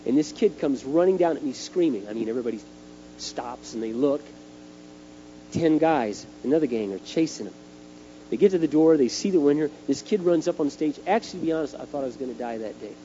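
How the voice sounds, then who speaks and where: A middle-aged man delivers a sermon and acts out his stories as he goes. His voice sits a bit high but sounds mellow. The dull lo-fi recording carries a faint hum. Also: a little fast. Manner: animated storytelling, acting out scenes. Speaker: youth speaker.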